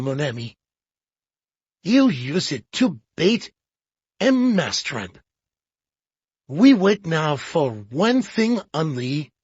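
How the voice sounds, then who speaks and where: An audiobook reader voicing a fussy, excitable older male Belgian detective who talks slowly and emphatically with pointed questions. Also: mid-range voice, slightly rough, dry recording, exaggerated voice. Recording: dull lo-fi audiobook.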